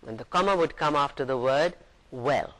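A man's voice: mid-range voice, moderate pace, fairly bright tone, low-quality recording. A man giving a recorded university lecture, patiently explaining each point and reading example sentences aloud.

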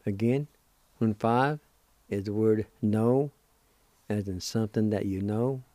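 Teaching a language on the radio, this host patiently spells words out and goes over every syllable again, encouraging his listeners. His voice is warm and fairly low, his pace slow, and no room sound can be heard.

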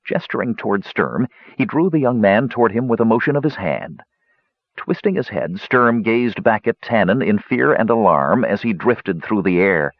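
A man narrating a fantasy audiobook in a measured, expressive way. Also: on the low side, no echo, lo-fi sound. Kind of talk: scripted narration.

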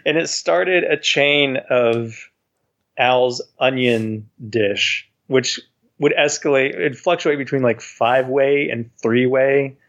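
Deadpan man with muffled podcast sound. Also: mid-range voice, slow. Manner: deadpan, short dry replies. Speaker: podcast co-host. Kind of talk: casual podcast chat.

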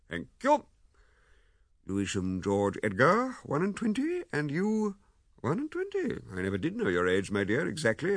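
A man voicing a pompous, waggish middle-aged gentleman who lectures genially and with self-satisfaction in a storybook reading. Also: medium pitch, no echo, studio quality, pitched above the performer's own voice.

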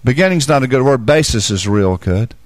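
A man's voice: medium pitch, lively intonation, a little fast, no echo. A man preaching a Bible teaching sermon, repeating key phrases and asking the listeners questions.

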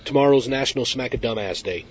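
A man's voice: mid-range voice, fast talker, a crowd in the background. A man co-hosting a casual talk show who throws in sarcastic quips. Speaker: co-host with his own show. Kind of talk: casual radio show banter. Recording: dull lo-fi recording.

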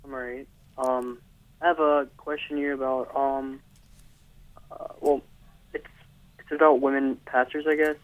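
A man's voice: mid-range voice, flat delivery, measured pace, pauses often, dry recording. A man from North Carolina calling into a radio show, hesitant and full of ums and restarts. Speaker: caller. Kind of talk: phone-in question to a radio show. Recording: tinny phone line.

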